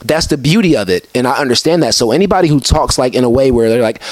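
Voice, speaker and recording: Dude on a podcast going off about accountability, swears a lot, stumbles and restarts, dry close sound. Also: male voice, medium pitch, animated, fast talker, dry recording. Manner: profane, fired-up motivational talk with many restarts. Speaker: podcast co-host. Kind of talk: casual chat.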